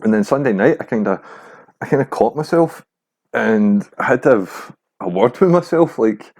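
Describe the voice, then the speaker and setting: A man's voice: medium pitch, lively intonation, moderate pace, darkish tone. A young man hosting a casual solo podcast, rambling and swearing freely with a self-mocking streak. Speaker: podcast host.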